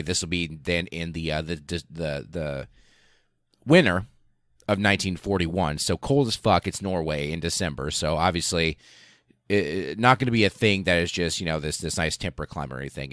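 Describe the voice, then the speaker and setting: A man with a very low voice tells a history story on his podcast, rambling, swearing freely and filling gaps with ums. The sound is dry and close, with no room around it. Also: fairly bright tone, dry recording. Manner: profane, rambling, with laughs and many fillers. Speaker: podcast host.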